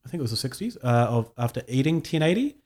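A man's voice: medium pitch, very animated, quick pace, darkish tone. A man with a New Zealand accent co-hosting a casual podcast, rambling with frequent laughs. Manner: rambling, laughs often, many fillers. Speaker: podcast co-host. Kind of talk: casual chat.

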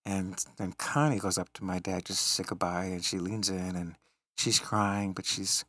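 A man's voice: sits low, steady tone, normal speed, fairly bright tone, no echo. A middle-aged man hosting a podcast, telling a personal story in a reflective, tender way. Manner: reflective, tender storytelling, laughing at funny moments. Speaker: podcast host. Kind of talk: storytelling in casual conversation.

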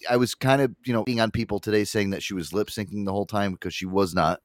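A man hosting a casual podcast, talking in a profane, excitable way. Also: on the low side, quick pace, no room sound, studio quality. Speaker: show host.

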